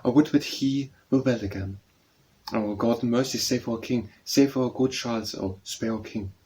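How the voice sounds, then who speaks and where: A man's voice: medium pitch, moderate pace, a little mellow, slight background noise, natural voice, low-quality recording. A man reading as a mournful old bell-ringer. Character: old male tower bell-ringer, sad and kindly.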